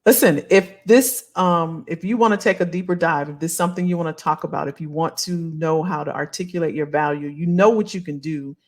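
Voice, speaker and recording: Animated woman coaching a live audience. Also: deep voice. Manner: animated and emphatic, talks straight to viewers; casual, reads out viewer comments. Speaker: career coach. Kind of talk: live-stream coaching talk.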